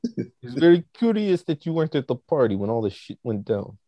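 A man voicing a sinister, vampire-like male leader with a put-on Eastern European accent, speaking in a slow, menacing drawl. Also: mid-range voice, very animated, mellow, no echo, lo-fi sound.

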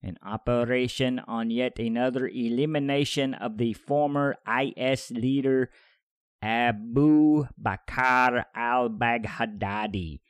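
A man putting on a mock Russian accent to voice a stiff male ministry spokesman, reading a statement in a slow, stilted way. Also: mid-range voice, clear, resonant tone, no room sound, clean studio sound, lightly acted. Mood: stiff, formal. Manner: slow, stilted official delivery.

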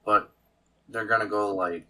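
A man's voice: fairly low pitch, fairly even intonation, measured pace, pushed and bright, low-quality recording. A man co-hosting a podcast in casual chat, blunt and wisecracking. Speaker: podcast co-host.

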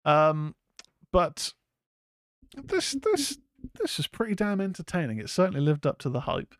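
A man's voice: on the high side, very animated, unhurried, dry recording, clean studio sound. A man from England hosting a casual film review show, rambling, swearing freely and reading out chat comments. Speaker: horror podcast host.

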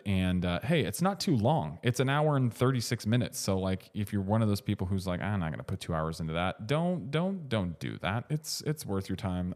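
Man, lowish voice, casual movie podcast chat, rambling with fillers. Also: darkish tone. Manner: rambling, restarts and hedging with fillers. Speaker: podcast co-host.

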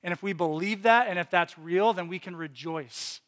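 Earnest higher-voiced man preaching in a hall. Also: moderate pace, fairly bright tone. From Virginia, USA. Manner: earnest, personal, with restarts and repetition. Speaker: pastor. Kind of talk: sermon.

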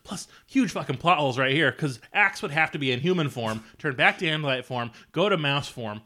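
A man's voice: on the high side, lively intonation, a little fast, sharp tone. A man co-hosting a podcast in casual chat, joking and crude, acting out quotes. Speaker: podcast co-host.

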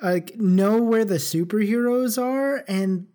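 A woman co-hosting a casual podcast, telling a story in a relaxed, rambling way with frequent swearing. Her voice sits in an even middle register. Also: mid-range voice, takes it slowly. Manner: laid-back, profane storytelling. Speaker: podcast co-host.

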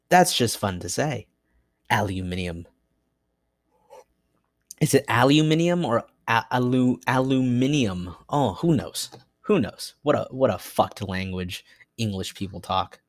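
Young man, solo podcast host, slow rambling talk, self-mocking asides, dry close sound. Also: medium pitch, dry recording. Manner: scattered, self-mocking, many restarts and asides.

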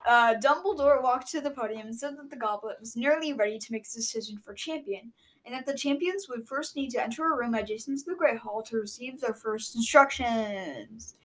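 A chatty woman in a casual talk, retelling events with lots of fillers and restarts. Her voice sits a bit high. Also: a little fast, a bit bright, poor audio. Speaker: co-host recapping a book. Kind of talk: casual chat.

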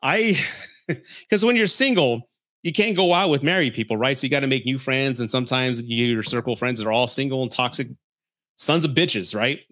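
A man's voice: mid-range voice, normal speed, fairly bright tone. A man hosting a podcast, telling frank personal stories in a blunt, profane, casual way. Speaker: podcast host.

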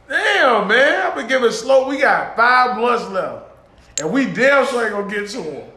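High-voiced rambling man, echoey room. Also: very animated, moderate pace, pushed and bright. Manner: rambling, slangy, self-correcting. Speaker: podcast co-host. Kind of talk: casual chat.

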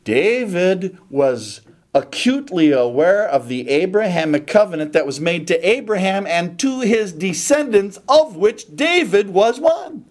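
A man's voice: sits high, lively intonation, a little slow. A man preaching a sermon, retelling a scripture story dramatically and animatedly.

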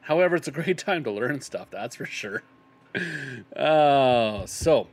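A man's voice: mid-range voice, animated, a little slow. A man in his thirties hosting a solo podcast, chatting casually and rambling with a self-deprecating tone. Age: 30s. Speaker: podcast host.

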